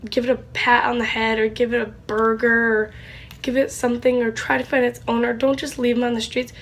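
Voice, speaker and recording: A young woman, likely a teen, talking in a casual vlog, rambling and halting with many fillers, tearful with a stuffy nose. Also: a little high. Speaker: channel host.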